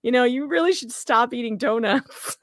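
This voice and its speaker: A woman's voice: a little high, moderate pace, dry recording. A woman co-hosting a casual livestream, telling stories and teasing her co-host. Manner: animated storyteller, teasing.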